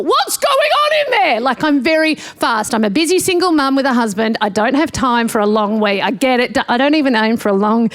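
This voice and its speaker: A woman's voice: fairly high pitch, dry recording. A woman doing a stand-up comedy set, chatty and self-mocking, often laughing at her own jokes. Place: livestreamed gig.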